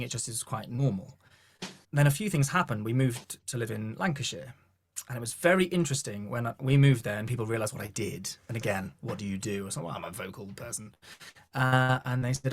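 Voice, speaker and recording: A man with a slightly rough, mid-range voice and a posh southern English accent tells stories in a relaxed podcast interview. He's a vocal coach and gospel choir leader, an animated storyteller who acts out the voices of the people he quotes.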